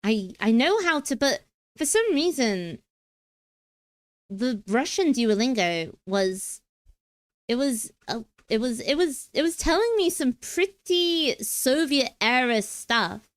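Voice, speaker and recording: A woman's voice: high voice, sing-song, slow, no echo. A young British woman chatting playfully on a live stream, with frequent giggles and stumbling restarts. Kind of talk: casual stream chat.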